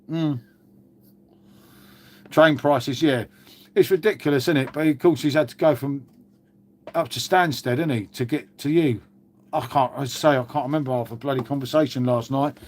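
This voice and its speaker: An older channel host chats casually live with his viewers, calling them "mate." He sounds glum, swears often, and has a slightly high voice.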